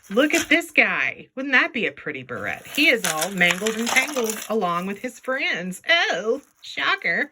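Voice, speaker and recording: A woman's voice: fairly high pitch, big pitch swings, unhurried, hardly any pauses, background noise. A woman chatting casually as she sorts jewelry, playful and talkative, often talking to the pieces in silly voices. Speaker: jewelry reseller vlogger. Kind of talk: casual chat while sorting jewelry.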